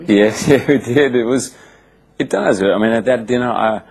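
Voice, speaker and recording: A man, telling animated stories in a casual interview with frequent restarts. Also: mid-range voice, creaky, rough recording. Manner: animated storyteller, quick restarts. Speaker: interviewed actor.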